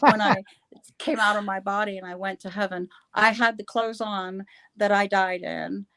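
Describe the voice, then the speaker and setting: A woman guest on a live video chat, telling a personal account in a halting way, laughing often and restarting her sentences. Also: medium pitch, steady tone, a bit bright, a little hiss or hum.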